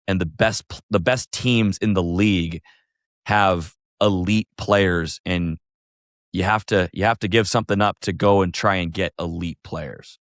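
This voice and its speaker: A man with a fairly low voice talks hockey in a loose, friendly podcast chat. He restarts his phrases and chuckles along the way. The sound is dry and close, with no room echo. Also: fairly bright tone. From Indiana. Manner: chatty, laughs easily, repeats words. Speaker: podcast co-host. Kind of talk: casual sports talk.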